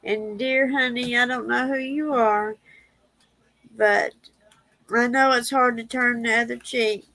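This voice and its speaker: A woman's voice: a little high, steady tone, a little slow, long pauses, sharp tone, no echo, poor audio. A woman hosting a casual livestream, reading prayers and speaking tenderly and emotionally. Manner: tender, emotional, laughs easily.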